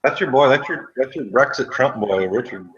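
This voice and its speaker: A man's voice: medium pitch, expressive, moderate pace, fairly bright tone, slight background noise. A man in a casual online voice chat, trading sarcastic insults and jokes. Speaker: voice chat participant. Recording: dull lo-fi online voice chat audio.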